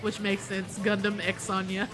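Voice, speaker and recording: A woman chatting casually while streaming a game, animated and quick to laugh and swear, greeting her viewers. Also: a little high, music in the background. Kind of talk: casual live game commentary.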